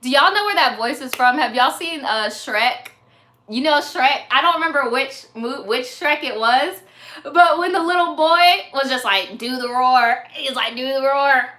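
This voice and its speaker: A woman's voice: high-pitched, lively intonation, normal speed, bright, forceful tone. A young woman hosting a live stream, reading viewer stories in a chatty, slangy way, laughing and swearing often. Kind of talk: casual chat.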